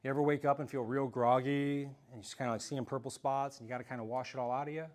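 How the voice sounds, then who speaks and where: A man telling a story in an animated, self-mocking way during a talk to a live audience. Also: medium pitch, fast. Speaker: speaker giving a self-defense talk.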